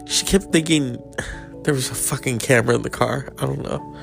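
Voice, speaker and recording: A host telling a gossipy personal story in casual chat, animated and quoting people. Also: medium pitch, normal speed, creaky, faint music behind. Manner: animated, gossipy, acts out quotes.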